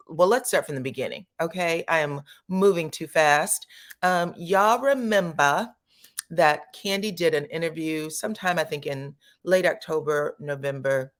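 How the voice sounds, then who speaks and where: Low-voiced woman spilling reality tv tea, chatty, keeps saying okay, jumps up high when she acts out quotes. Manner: chatty and animated, peppers speech with "okay?" and "child". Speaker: commentary channel host. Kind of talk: casual gossip commentary.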